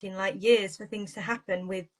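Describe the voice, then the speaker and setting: Brief: woman podcast guest, lively and talkative, mid-pitched. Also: normal speed, crowd noise, rough recording. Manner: bubbly, talkative, laughs often. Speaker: podcast guest, garden designer. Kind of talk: casual chat.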